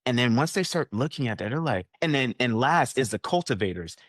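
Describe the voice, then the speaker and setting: A man speaking as an interview guest, with a middle-pitched voice in a dry, close setting. He brings in quoted people with lively put-on voices as he explains his ideas. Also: fairly quick, no echo. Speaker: guest coach. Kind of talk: conversational interview.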